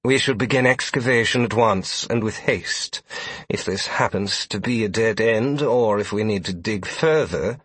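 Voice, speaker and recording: A man's voice: on the low side, unhurried, fairly bright tone, husky, no room sound. A man voicing a seething haughty noble. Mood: commanding. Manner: imperious, clipped, seething. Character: haughty scheming male noble envoy.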